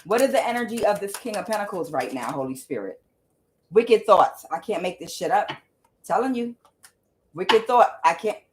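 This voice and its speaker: A woman with a medium-pitched, darkish voice and lively intonation reads tarot at a moderate pace over slight background noise. The reading is casual, and she's blunt and profane while addressing the Holy Spirit out loud.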